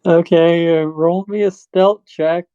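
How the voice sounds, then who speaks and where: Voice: medium pitch, fairly even intonation, takes it slowly, mellow, clean tone, no room sound, dull audio. A game master narrating a tabletop game in a hesitant way, with lots of fillers.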